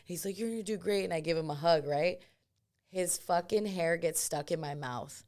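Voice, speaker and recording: A young woman from California tells a wild story in loose, casual chat. Her voice sits a little low, and she swears freely, laughs often and acts out the lines of everyone in the story. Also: normal speed. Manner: animated, profane, laughs often, acts out quotes. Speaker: comedian and podcast guest.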